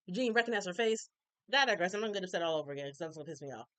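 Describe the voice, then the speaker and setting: A woman recapping a TV episode in casual chat, opinionated and animated, acting out characters' lines with colloquial asides. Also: on the low side, rapid-fire, no room sound. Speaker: recap reviewer.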